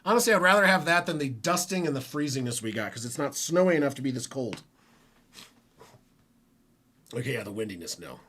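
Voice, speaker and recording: Bright-voiced man chatting sports live. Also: mid-range voice, animated, fast talker. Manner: rambling, self-correcting, chatty. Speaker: sports stream host. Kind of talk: casual live play-by-play reaction. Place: at home.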